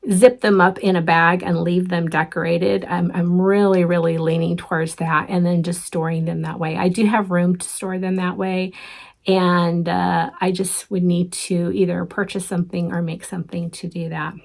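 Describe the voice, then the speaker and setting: A woman's voice: fairly low pitch, level tone, moderate pace, vocal fry. A middle-aged woman hosting a casual show-and-tell craft vlog, chatty and rambling, with many ums and restarts. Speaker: flosstube host.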